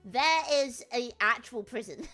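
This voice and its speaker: Bright-voiced woman telling stories. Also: on the high side, measured pace, soft background music. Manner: rambling, animated storytelling with many fillers. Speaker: VTuber streamer. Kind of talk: casual livestream chat.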